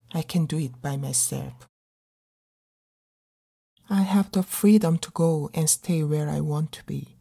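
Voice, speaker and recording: A middle-aged woman actor performing a dramatic monologue in an earnest, pleading, measured way. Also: fairly low pitch, gravelly, warm tone, slightly rough. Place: living abroad as a migrant in a big city.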